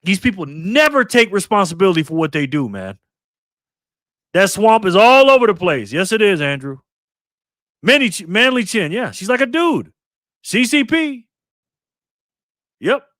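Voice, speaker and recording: A man's voice: high-pitched, very animated, normal speed, fairly bright tone, no echo, studio quality. Angry ranting man in his fifties. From New York State. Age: 50s. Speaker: livestream host. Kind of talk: live political commentary.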